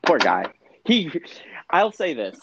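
A man's voice: a little high, sing-song, takes it slowly. A man in casual podcast banter, wry and joking. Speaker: podcast co-host. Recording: muffled audio with clear background noise.

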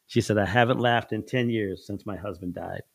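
A middle-aged man with a fairly low voice, chatting in a relaxed, folksy way and chuckling as he tells old stories. He acts out the other people's lines as he goes. The sound is dry and close, with no room echo. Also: moderate pace, creaky. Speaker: father telling life stories on his son's podcast. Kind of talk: casual storytelling chat.

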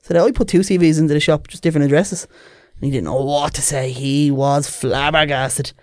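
Man, Dublin accent, young adult, animated storyteller, fairly high voice, dry close recording. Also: fairly quick, no echo. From Ireland. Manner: lively, animated, puts on voices in anecdotes. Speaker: podcast guest. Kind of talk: casual storytelling chat.

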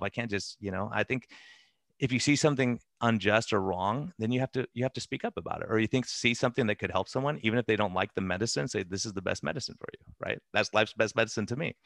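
A man who is a doctor, talking earnestly in an interview with fast, self-interrupting speech. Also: fairly low pitch, vocal fry, a bit bright, dry recording. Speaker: doctor and podcast guest. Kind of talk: conversational interview.

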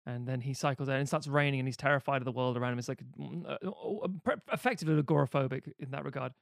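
A man's voice: medium pitch, racing, creaky, no room sound, studio quality. A man in his late thirties co-hosting a casual chat, rambling, swearing freely and joking at his own expense. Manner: rambling and profane, with self-deprecating jokes. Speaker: podcast co-host.

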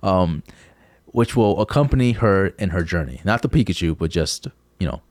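A man's voice: sits low, normal speed, no echo, clean studio sound. A young man co-hosting a casual chat, joking around and reading out news items. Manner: relaxed, joking, reads news items aloud. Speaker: podcast co-host.

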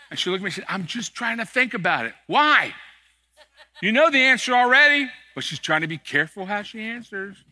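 A man's voice: fairly high pitch, pushed and bright. A middle-aged man, an executive pastor, preaching a sermon in a church in a conversational, joking and emphatic way. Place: church sanctuary.

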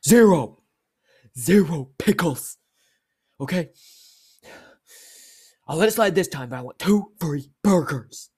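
A man doing a loud, demanding customer. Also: high-pitched, animated, racing, hardly any pauses, pitched above the performer's own voice. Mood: indignant. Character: loud indignant male fast-food customer.

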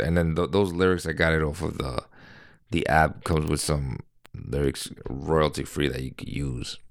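A man in his thirties with a deep voice, talking in a casual, rambling monologue full of fillers and restarts. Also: gravelly, dry recording, studio quality. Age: 30s. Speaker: vlogger.

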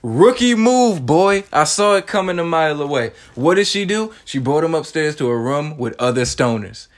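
Animated young man recapping a film. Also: a little high, moderate pace. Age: 20s. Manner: animated, swearing, joking asides. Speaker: film reviewer. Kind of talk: casual movie recap monologue.

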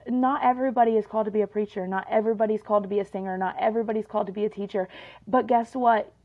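A woman's voice: medium pitch, lo-fi sound. A young woman hosting a faith podcast, talking earnestly and emotionally with many fillers, her nose a little stuffed up. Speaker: podcast host. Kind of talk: casual faith podcast monologue.

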